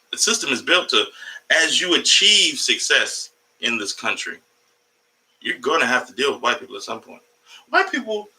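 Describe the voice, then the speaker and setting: A male comedian streams from home and rambles through a loose, profane monologue, breaking off to scold his cat. His voice is sharp and forceful, with a lively pitch that jumps all over. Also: poor audio. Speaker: comedian livestreaming. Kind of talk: casual livestream monologue.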